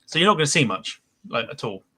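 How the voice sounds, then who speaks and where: A man's voice: medium pitch, big pitch swings, fast, sharp tone, slightly rough. A man co-hosting a casual aviation podcast, joking and laughing often as he reads out comments. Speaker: podcast co-host. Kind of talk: casual chat.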